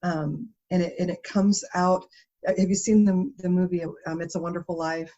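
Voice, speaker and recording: A woman's voice: on the low side, normal speed. A woman guest in a conversational interview, telling stories with animation and frequent laughter. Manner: animated storytelling, laughs often. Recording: dull lo-fi interview audio.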